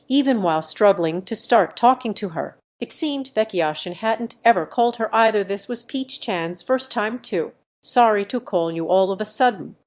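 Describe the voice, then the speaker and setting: A woman narrating a first-person romance audiobook in a gentle, earnest storytelling manner. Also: mid-range voice.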